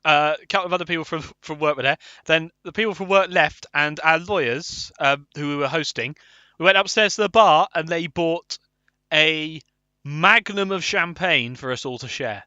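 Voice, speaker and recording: A man co-hosting a casual podcast, loud and quick to laugh. His voice is very bright and a little high for a man. The sound is dry and close. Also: dry recording, dull audio. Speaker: podcast co-host. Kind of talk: casual banter.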